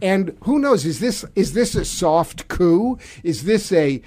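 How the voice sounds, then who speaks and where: High-pitched male podcast host, wry political commentary. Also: very animated, slow, darkish tone.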